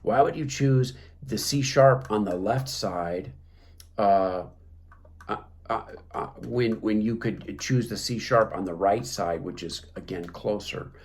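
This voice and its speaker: A man with a rather low voice teaches clarinet technique, taking it slowly. His instructional talk through the music is full of fillers and restarts.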